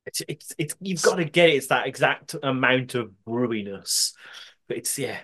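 A man's voice: medium pitch, animated, normal speed, a bit bright. A man co-hosting a podcast in casual chat, giving dry short replies and teasing laughs. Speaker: podcast co-host.

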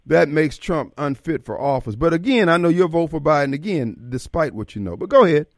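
A man's voice: on the high side, expressive, fairly quick, dry recording, clean studio sound. A man hosting a call-in radio talk show, arguing with a caller, cutting in and laughing often. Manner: combative, interrupting, laughs often.

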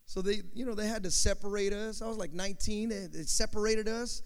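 A man's voice: high-pitched, brisk, smooth, in a large hall. A man preaching a sermon, telling stories animatedly and asking his listeners questions. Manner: animated, asks the crowd questions, acts out quotes. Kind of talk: sermon storytelling.

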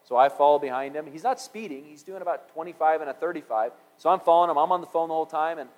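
A man's voice: a little high, fast talker, a little mellow, rough recording. A man telling a story in a sermon, acting out the dialogue as he goes.

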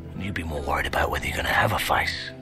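An actor playing a hard-bitten, menacing cop, heard in a film clip over music. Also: male voice, extremely low pitch, rapid-fire, in a whisper.

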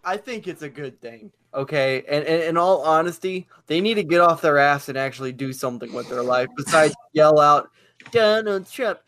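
A man's voice: on the high side, normal speed, few pauses, fairly bright tone. A man co-hosting a casual podcast, blunt and opinionated, swearing freely. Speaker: podcast co-host.

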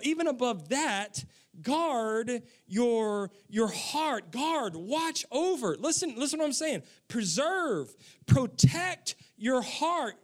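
A man preaching a sermon as the pastor, calling out to his congregation, with sudden drops into a soft, hushed delivery. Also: extremely high pitch. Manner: emphatic preacher, calls on the congregation.

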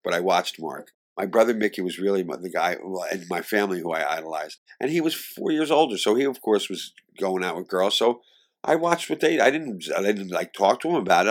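Animated middle-aged man telling stories. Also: sits low. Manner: animated, laughs often, swings between loud and hushed. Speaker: interviewee. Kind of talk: candid storytelling in an interview.

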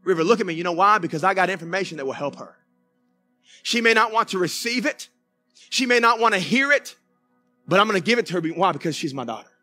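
A Southern US pastor delivers a sermon in church with a bright voice pitched high for a man. He speaks in a folksy storytelling way, calling out to the congregation for an amen. Soft music plays faintly underneath. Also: expressive, brisk, pauses often. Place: church sanctuary.

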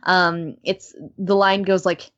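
A woman voice actor chats casually, animated and chatty with plenty of fillers. Her voice sits a little low. The recording is dull and lo-fi. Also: takes it slowly. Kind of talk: casual podcast chat. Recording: dull lo-fi sound.

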